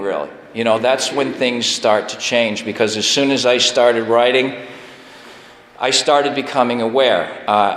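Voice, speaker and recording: A man in his forties sharing a personal story at a recovery meeting, animated and self-deprecating, laughing at himself often. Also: mid-range voice. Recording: echoey hall with long reverb.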